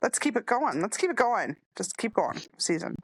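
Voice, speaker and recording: A woman co-hosting a casual podcast chat, talking excitedly and expressively, often laughing. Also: on the high side, moderate pace, husky. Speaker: podcast co-host.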